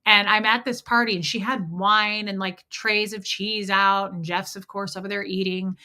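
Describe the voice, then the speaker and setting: A woman's voice: medium pitch, fairly even intonation, moderate pace, sharp tone. A woman hosting a livestream, telling personal stories in a chatty way and reading out viewer comments. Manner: chatty storytelling, frequent "like" fillers. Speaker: livestream host.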